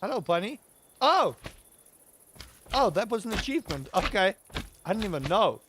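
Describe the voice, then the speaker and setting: A man's voice: high voice, sing-song, moderate pace, noisy background. A South African man with a slightly raised voice, talking loosely to his viewers as he plays. He rambles, rants and exaggerates playfully, in an easy live-stream chat. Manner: chatty, ranting, playful exaggeration.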